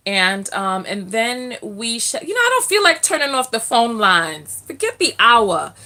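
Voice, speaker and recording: A young woman from the Bronx, hosting a casual live call-in chat, chatty and quick to laugh while reading viewer comments aloud. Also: on the high side, sing-song, bright, forceful tone. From the Bronx, New York. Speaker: live stream host.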